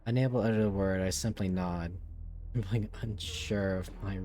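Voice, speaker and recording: A man's voice: fairly low pitch, fairly even intonation, moderate pace, dark tone. A man streaming a game, making casual, wry, sometimes profane comments and reading the story text aloud with drama.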